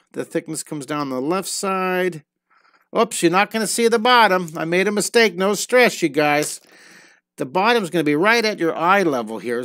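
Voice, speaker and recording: A man's voice: fairly high pitch, a bit bright, no echo, clean studio sound. Playful man teaching live drawing. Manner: playful, storytelling while drawing. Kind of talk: live online drawing lesson.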